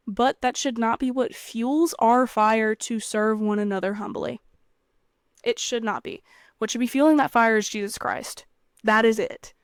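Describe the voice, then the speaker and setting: A woman's voice: on the high side, a bit bright, no room sound. Earnest chatty young woman, dry sound. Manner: chatty and earnest, frequent fillers, playful asides. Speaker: podcast host. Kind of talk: faith talk monologue.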